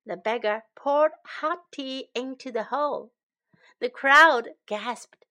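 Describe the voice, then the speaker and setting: A woman reading a children's story aloud slowly and clearly for English learners. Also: high-pitched, sharp tone. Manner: slow, clear, teacherly.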